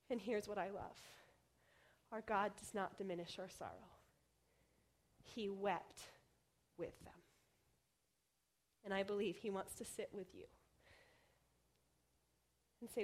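A young woman preaching a sermon in an earnest way, often dropping to a hush on key phrases. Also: medium pitch, steady tone, measured pace, pauses often. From Oregon, United States. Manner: earnest, softening to near whispers on key phrases.

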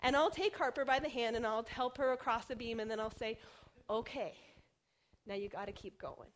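A young woman preaching a sermon in an earnest way, often dropping to a hush on key phrases. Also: a little high, normal speed, slight background noise. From Oregon, United States. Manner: earnest, softening to near whispers on key phrases.

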